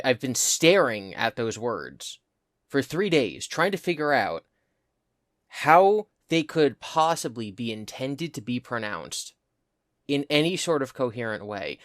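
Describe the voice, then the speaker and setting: A man's voice: mid-range voice, lively intonation, normal speed, fairly bright tone, no room sound. A man talking on a casual podcast, spinning out a long rambling rant and breaking into laughter at his own frustration. His voice sits in an ordinary middle range, recorded close and dry with no room sound. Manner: rambling, exasperated, laughing at himself. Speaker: podcast co-host. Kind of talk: casual chat.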